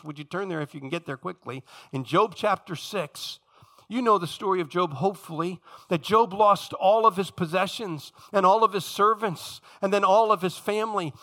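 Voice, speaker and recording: A man in his forties delivers a sermon in a high, bright voice. He tells the stories with drama, rising loud and then dropping to a hush as he addresses the congregation. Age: 40s. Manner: dramatic storytelling, swinging from loud to hushed. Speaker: pastor.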